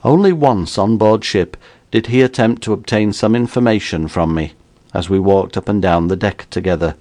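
A man reading an audiobook in a measured storytelling manner. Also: lowish voice, a little mellow. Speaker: narrator.

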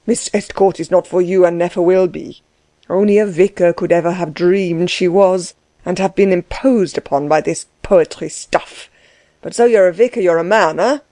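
Domineering, mocking German landowner, read by a woman; low, warm tone in a dry booth. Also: fairly even intonation, moderate pace, no room sound, natural voice. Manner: loud, bossy, laughing scorn. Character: blustering middle-aged German man, mocking and domineering.

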